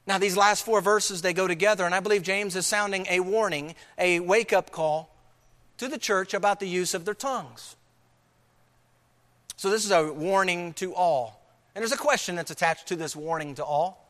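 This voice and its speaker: Bright-voiced preacher man in an echoing hall. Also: sits high, moderate pace. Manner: emphatic, repeats key phrases, rhetorical questions. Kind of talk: sermon.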